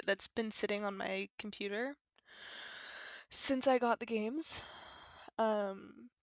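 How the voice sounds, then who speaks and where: Slow-talking, awkward woman streamer. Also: on the high side, creaky, dry recording. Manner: awkward, rambling, many fillers. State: hiccuping. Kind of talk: casual live-stream chat. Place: her bedroom. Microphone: headset.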